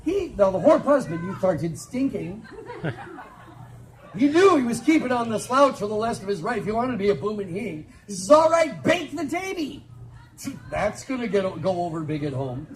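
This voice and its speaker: A man on an outdoor fair stage tells a comic tale packed with tangled spoonerisms and quick wisecracks. His voice is high and jumps around a lot. It is caught on a phone in the audience with the fair's noise clearly behind. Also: lively intonation, poor audio. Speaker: festival storyteller. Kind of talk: comic stage storytelling to a crowd.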